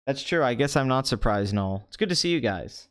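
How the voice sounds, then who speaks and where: A man hosting a comedic box office show, talking in a sarcastic, deadpan way. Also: mid-range voice, brisk. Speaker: host.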